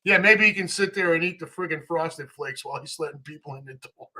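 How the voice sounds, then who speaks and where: A man hosting a live sports chat stream, ranting with animated energy and reading viewer comments. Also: on the high side, a little fast.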